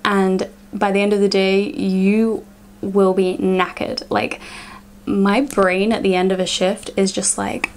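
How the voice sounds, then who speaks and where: A woman's voice: medium pitch, little pitch movement, slow, a little hiss or hum. A young woman, chatting casually to camera in a vlog and filling her sentences with "like". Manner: chatty, frequent "like" fillers. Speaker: vlogger.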